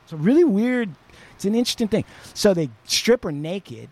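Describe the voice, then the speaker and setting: A man hosting a podcast, retelling a story in a casual, profane, animated way. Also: high voice, normal speed. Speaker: podcast host.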